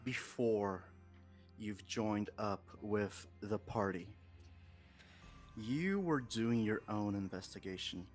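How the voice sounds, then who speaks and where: A man narrating as game master of a tabletop game, setting scenes in a measured, unhurried way. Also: on the low side, soft background music.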